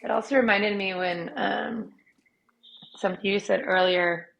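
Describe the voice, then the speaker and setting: Gravelly woman guest, lots of "like". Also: medium pitch, fairly even intonation, a little slow, highs cut off. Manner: rambling, says "like" constantly. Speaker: podcast guest. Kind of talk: casual conversation.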